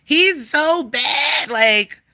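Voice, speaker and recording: A woman's voice: high-pitched, expressive, drawn-out words, bright, forceful tone. A woman chatting casually on a livestream, rambling, swearing freely and scolding her cat. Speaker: livestream host.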